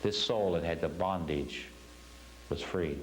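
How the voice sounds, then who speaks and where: Lowish guy preaching at a spiritual class, earnest, repeats himself for emphasis, faint hum behind. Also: unhurried, rough recording. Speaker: spiritual teacher.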